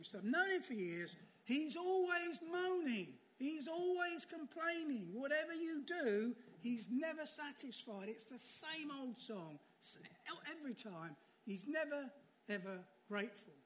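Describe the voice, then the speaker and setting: A man gives a sermon in church in a high-pitched voice. He tells a story in a relaxed, conversational way and poses rhetorical questions to the congregation. Faint background hum. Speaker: preacher.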